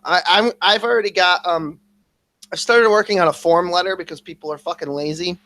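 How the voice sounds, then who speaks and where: A high-pitched man co-hosting a casual podcast livestream vents and rants at a quick, animated clip, cursing constantly.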